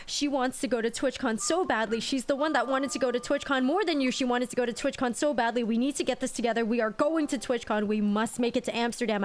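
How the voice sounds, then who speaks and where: High-voiced young woman telling a story. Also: fast talker, hardly any pauses, soft background music. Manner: animated, rambling, repeats phrases. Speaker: streamer. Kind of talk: storytelling to viewers.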